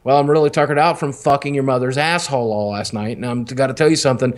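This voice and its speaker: A man's voice: medium pitch, quick pace. A man casually telling a long personal story, rambling and swearing, often laughing at himself.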